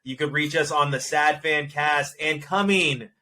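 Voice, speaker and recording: Bright-voiced joking man. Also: a little high, a little slow, a little hiss or hum. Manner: joking, animated storyteller who laughs often. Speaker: podcast co-host. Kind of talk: casual chat.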